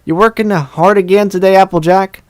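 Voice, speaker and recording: A brisk, polite pony mare always in a hurry, as a man reads her, set somewhat above his normal pitch. Her lines come through dry and close to the mic, and she stays courteous while pressing to leave. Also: steady tone, dry recording, close to an everyday voice. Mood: curious. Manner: polite and hurried.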